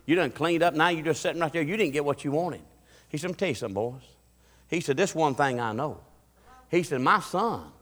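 A man's voice: sits high, bright, forceful tone, big-room sound. A man preaching a sermon, building emphasis with repeated rhetorical questions. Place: church sanctuary.

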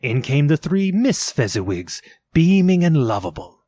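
A man narrates a classic tale in a theatrical, expressive reading voice. His pitch moves in a lively, animated way. The recording is dry and close, with no room sound. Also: unhurried, dry recording. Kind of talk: dramatic audiobook reading.

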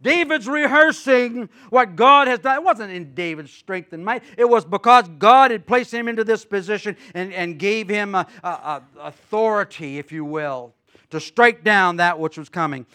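A middle-aged male pastor with a high, bright voice preaches a sermon. He tells folksy stories and swings from loud, ringing preaching to quiet, chatty asides. His tone stays light and sharp throughout. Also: clean tone. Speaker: guest pastor.

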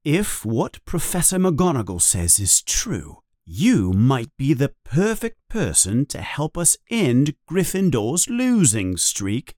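Eager teen team captain, read by the narrator; keen, fast, close and dry. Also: mid-range voice, no room sound. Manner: excited, quick and keen.

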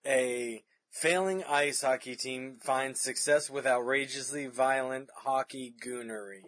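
A man's voice: mid-range voice, steady tone, a bit bright. A man co-hosting a movie podcast in casual chat, often stopping and restarting his sentences. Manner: halting, restarts a lot. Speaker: podcast co-host.

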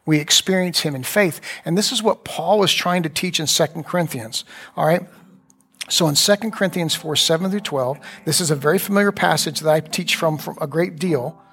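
A pastor preaching a conversational sermon, retelling scripture in a loose, talky way with asides. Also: male voice, a little high, a little fast, a bit bright, husky.

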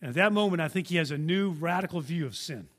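A man preaching a sermon, earnest and emphatic, swinging from raised declarations down to hushed lines, often repeating and restarting words. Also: on the high side, fast talker. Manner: earnest, emphatic, rising and dropping to a hush.

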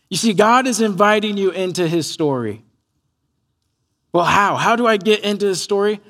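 A man preaching a sermon as pastor, earnest and animated, acting out quoted voices as he tells a story. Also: very high-pitched, unhurried.

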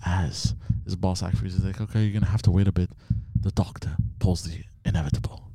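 A man's voice: low-pitched, fairly even intonation, fairly quick, creaky, dark tone, husky, no room sound. A man hosting a casual podcast chat, teasing and playful.

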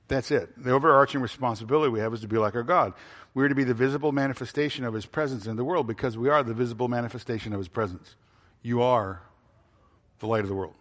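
A man's voice: mid-range voice, fairly bright tone, long reverb tail. A male pastor preaching a sermon, asking the congregation questions and answering them himself, repeating phrases for emphasis, with frequent fillers.

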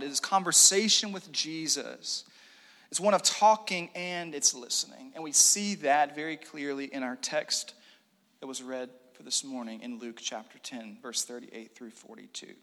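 A man preaching a sermon in a church room, animated, with joking asides and hushed prayer. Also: fairly high pitch. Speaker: pastor. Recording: long reverb of a hall.

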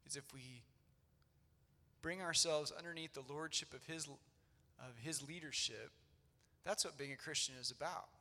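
A man's voice: on the high side, measured pace, pauses often, sharp tone. A man in his thirties preaching a sermon in an old church, earnest and conversational with loose fillers. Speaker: pastor. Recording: long church-hall reverb.

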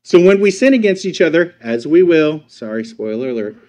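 Preaching to his congregation, this pastor has a slightly high, sing-song voice. He poses rhetorical questions and alternates between booming emphasis and soft, unhurried passages.

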